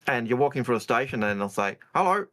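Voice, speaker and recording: A man's voice: medium pitch, fast, a bit bright. A man co-hosting a casual talk show, easygoing and reading out viewer questions. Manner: easygoing, short agreeing replies. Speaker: podcast co-host.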